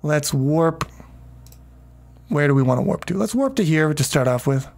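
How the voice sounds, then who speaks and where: A man's voice: on the high side, animated, normal speed, vocal fry, a little mellow. A man casually commenting on his game during a livestream, rambling, swearing freely and chatting with viewers. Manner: rambling, profane, talks to chat.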